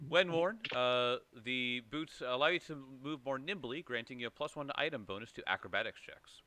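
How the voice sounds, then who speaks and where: Bright-voiced male game master. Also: medium pitch, dry recording. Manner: halting, with many fillers and repeats. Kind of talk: narrating a tabletop game.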